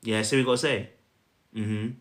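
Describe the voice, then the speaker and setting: A man giving relationship coaching, talking straight to the viewer in an animated, repetitive way. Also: lowish voice, fairly quick. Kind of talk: coaching talk to camera.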